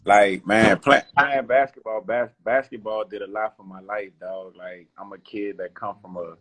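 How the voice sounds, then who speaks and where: A husky, slightly low-pitched man tells his story in a relaxed, slangy, heartfelt way. He sounds like he is in his thirties, speaking over a video call as a guest. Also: normal speed, low-quality recording. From New Orleans. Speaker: guest basketball coach. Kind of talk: casual interview chat.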